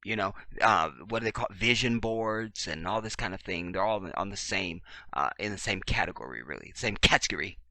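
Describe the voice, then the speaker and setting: A man hosting a commentary monologue, repeating his points emphatically in a preachy way and swinging from loud to very quiet. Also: on the low side, brisk, hardly any pauses, no room sound. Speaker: commentary channel host.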